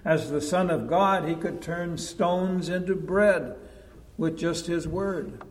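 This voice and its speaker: Man preaching slow and emphatic, kinda high voice, big echoey church. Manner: measured, emphatic, drops to a hush at key points. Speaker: pastor. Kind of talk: sermon. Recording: long echo of a large hall.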